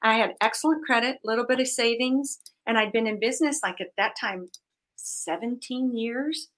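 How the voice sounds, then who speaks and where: A woman in her forties, a guest and business owner, telling her story in an animated, faith-filled way and acting out voices as she goes. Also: fairly high pitch, moderate pace. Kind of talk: conversational interview storytelling.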